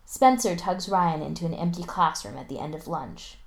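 A woman narrating a novel aloud, lively, raising her voice for the teenage characters. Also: moderate pace, few pauses. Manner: lively, voices teen boys with raised pitch. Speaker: audiobook narrator.

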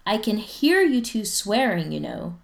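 A woman voicing a stern but jokey mother who calls out loudly across the house. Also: mid-range voice, expressive, normal speed, gravelly, roomy sound, voice pushed up. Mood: scolding. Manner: loud, scolding, calling out.

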